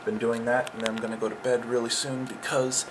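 A man's voice: mid-range voice, level tone, brisk. A young man talking casually through his day in a rambling, chatty, self-mocking way. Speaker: vlogger. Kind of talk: casual daily vlog. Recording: noisy background ambience.

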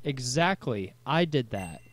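A man's voice: medium pitch, big pitch swings, takes it slowly, slight background noise. A man reading the lines of a defiant young woman gym leader in a video game, curt and threatening, close to his own voice.

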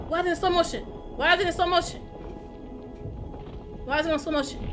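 A woman hosting a gaming channel, giving loud, excitable let's-play commentary with casual slang and sudden yelps and curses. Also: extremely high pitch, brisk, long pauses. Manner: casual, slangy banter with game characters. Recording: game music playing loudly underneath. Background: game music.

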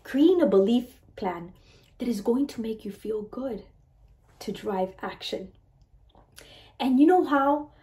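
A woman coaching her listeners on mindset, talking in an animated way and asking "right?" again and again. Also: fairly high pitch, takes it slowly, long pauses, roomy sound. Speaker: mindset and weight-loss coach. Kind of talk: motivational talk to listeners.

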